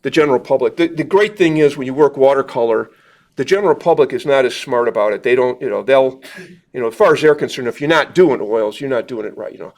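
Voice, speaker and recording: A man's voice: mid-range voice, fast. A man teaching a live watercolor demonstration, chatting in a rambling, self-deprecating way with lots of fillers while answering questions from the group. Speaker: watercolor instructor. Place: meeting room at a club gathering.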